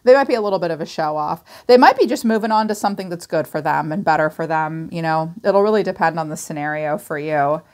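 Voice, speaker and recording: A woman talks through a tarot reading in a casual, lively way. Her voice sits a little low for a woman. She jumps into playful quoted voices and swears offhandedly. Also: quick pace, hardly any pauses. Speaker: tarot reader.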